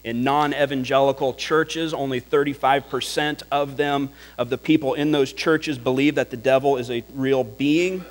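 A man preaching a sermon as pastor, deliberate and emphatic, building his points through repeated phrases. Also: mid-range voice, steady tone. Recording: long hall reverb.

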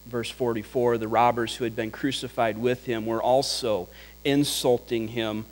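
A man preaching a sermon as pastor, deliberate and emphatic, building his points through repeated phrases. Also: medium pitch, little pitch movement. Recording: long hall reverb.

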